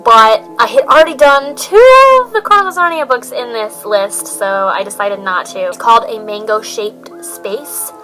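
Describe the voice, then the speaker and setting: Book vlogger, woman, high and bright, rambling, fakes a silly mixed accent, faint music behind. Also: expressive, normal speed, hardly any pauses, low-quality recording. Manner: rambling, chatty, self-mocking; put-on jokey mixed accent. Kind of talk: casual book tag chat.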